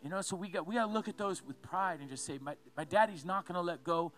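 A man preaching a sermon as a pastor, telling a story with lively asides and repeated phrases. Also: high-pitched, fast talker, soft background music.

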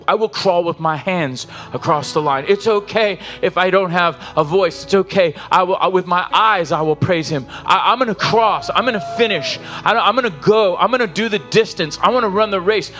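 A man's voice: sits high, a bit bright. A man preaching a sermon as pastor, exhorting the congregation with repeated calls and rising, falling intensity. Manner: impassioned preaching with call-and-response exhortations.

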